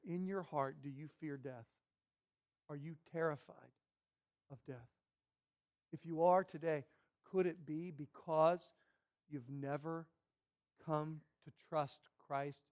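A man preaching a sermon, swinging from hushed, almost whispered lines to loud, emphatic bursts. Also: a little high. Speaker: pastor.

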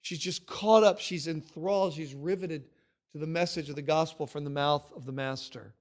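A man preaching a sermon, emphatic and animated, stacking up repeated phrases as he tells the story. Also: fairly high pitch, normal speed. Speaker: pastor.

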